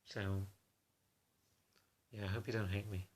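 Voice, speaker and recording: Guy rambling in a confessional vlog, lowish flat voice, halting n hesitant. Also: slight background noise. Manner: halting, hesitant, self-conscious. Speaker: vlogger.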